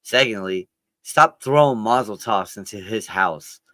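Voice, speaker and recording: A man's voice: on the low side, a little slow, pushed and bright, dry recording. A middle-aged man co-hosting a podcast, chatting casually and teasing with lots of laughter over a home video-call mic. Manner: joking, laughs a lot, teasing. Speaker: podcast co-host. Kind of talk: casual chat over a watch-along.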